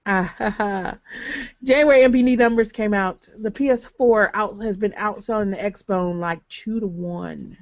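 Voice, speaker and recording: A woman's voice: medium pitch, fairly even intonation, normal speed, hardly any pauses, darkish tone, no echo. Chatty woman podcast host on a call. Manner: chatty, frequent ums and laughs. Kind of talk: casual chat. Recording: slightly dull lo-fi call audio.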